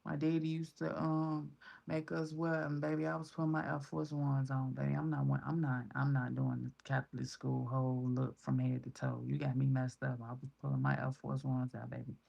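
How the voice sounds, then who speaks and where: Woman, Chicago accent, deep gravelly voice, dark tone, blunt casual vlog talk. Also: flat delivery, moderate pace, lo-fi sound. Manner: blunt and profane, quotes others in raised voices. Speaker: vlogger.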